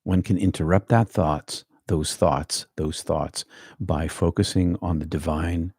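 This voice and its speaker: Middle-aged Boston man as a meditation teacher on a live stream, husky and very low, calm with chatty asides. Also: unhurried, dry recording, clean studio sound.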